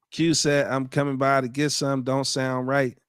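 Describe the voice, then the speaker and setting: Man, podcast host, casual live-stream chat, joking and profane, middle pitch, dry close sound. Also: no echo. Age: adult father.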